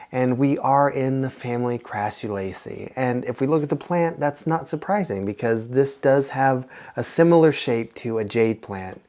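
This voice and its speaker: Young man, host, casual plant vlog, rambly, filler-heavy, average pitch. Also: darkish tone. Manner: chatty, rambling, lots of fillers and self-corrections.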